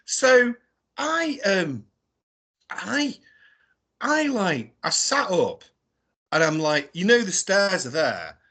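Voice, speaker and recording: British man, lively storyteller, bright and a bit husky; guest on a talk show. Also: sits high, takes it slowly, long pauses. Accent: British English. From England. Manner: animated, tag questions, laughing mid-story. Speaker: guest explorer. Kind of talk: casual storytelling on a radio show.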